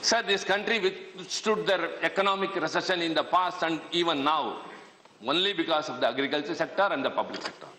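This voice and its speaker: A man's voice: fairly high pitch, a little fast, sharp tone. A man with an Indian English accent, a member of parliament giving a debate speech, addressing the chair as sir and pressing pointed questions. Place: large parliament chamber. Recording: echoey chamber with long reverb.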